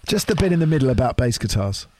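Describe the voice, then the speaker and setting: A man's voice: mid-range voice, sing-song, quick pace, a little mellow. A man hosting a podcast, chatting casually and laughing often. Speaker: podcast host. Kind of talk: casual chat.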